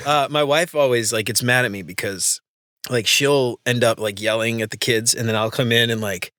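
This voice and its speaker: A man's voice: mid-range voice, fairly even intonation, normal speed, sharp tone, clear, resonant tone, dry recording. A man in his thirties hosting a podcast in casual, joking chat, laughing often. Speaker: podcast host.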